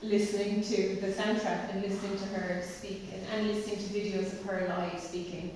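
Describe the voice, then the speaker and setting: A woman's voice: medium pitch, level tone, brisk, darkish tone. Chatty Irish woman in an echoey hall. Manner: chatty, full of "like" and acted-out quotes. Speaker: singer and stage actress, guest. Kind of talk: casual podcast chat. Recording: echoey hall, distant mic, faint noise.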